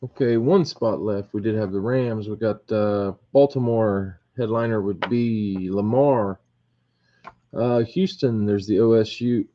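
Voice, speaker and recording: In muffled, lo-fi audio with faint noise, a man with a fairly low voice and measured pace runs a casual live group break. He counts out loud, reads names and teams for the draw, and chuckles when he slips up.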